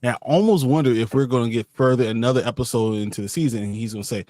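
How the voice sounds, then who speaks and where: A man co-hosting a casual show recap, relaxed, chuckling and adding short remarks. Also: fairly low pitch, fast talker, few pauses, dry recording, studio quality. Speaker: podcast co-host.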